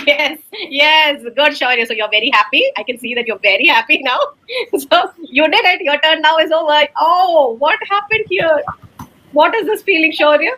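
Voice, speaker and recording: A woman teacher, leading a child through an online class. Her voice sits high and rings bright, and she keeps up a stream of encouragement broken by frequent laughter. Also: lively intonation, normal speed. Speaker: teacher in a recorded demo class. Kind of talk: animated kids' online class.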